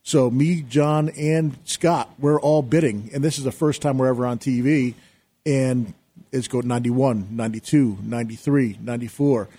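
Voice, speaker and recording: A middle-aged man recounting a story as a talk show guest. He tells it with energy and acts out his own shouting in the retelling. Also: mid-range voice, steady tone, normal speed, breathy edge. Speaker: guest, real estate investor.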